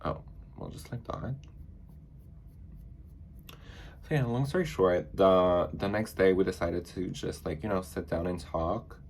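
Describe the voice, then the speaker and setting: A man's voice: low-pitched, a little slow, creaky, pauses often, darkish tone, a little hiss or hum. A man chatting casually in a sassy, dramatic storytime vlog, full of fillers. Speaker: vlogger.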